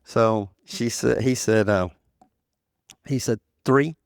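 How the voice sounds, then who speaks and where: A man's voice: lowish voice, fairly even intonation, slow, creaky, clean tone, no echo. An older man, a former association president, telling a long story in an interview, often repeating phrases and quoting others. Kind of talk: storytelling in conversation.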